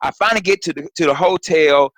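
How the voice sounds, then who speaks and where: Animated profane man telling a story. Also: a little high, quick pace, no room sound, low-quality recording. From Florida. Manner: animated, profane, acts out voices. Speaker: guest comedian. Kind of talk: casual storytelling chat.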